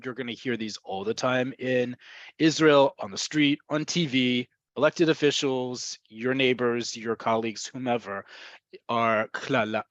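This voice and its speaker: A man's voice: medium pitch, dry recording. A man teaching a webinar lesson on Hebrew words, explaining patiently and repeating key points for learners. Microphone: video call. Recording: dry, dull video-call audio.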